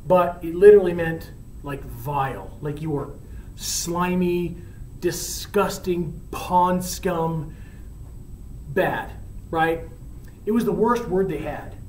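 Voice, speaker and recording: A man's voice: on the high side, lively intonation, a little slow, a little mellow, slight background noise. A male teacher casually retelling a play, chatty and often checking in with "right?". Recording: roomy, from far off.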